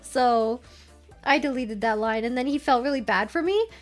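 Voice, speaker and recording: A young woman streamer casually telling a story, animated and giggly, often breaking into laughter. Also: a little high, normal speed, soft background music.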